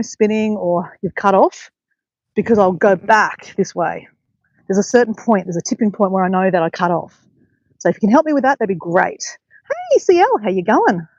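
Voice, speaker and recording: A woman's voice: medium pitch, a little mellow, dry recording, dull audio. Chatty woman live-streaming outdoors. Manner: chatty and upbeat, talks straight to viewers. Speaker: livestream host. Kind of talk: casual live-stream chat, greeting viewers. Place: outdoors on a clifftop by a bay. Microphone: handheld phone.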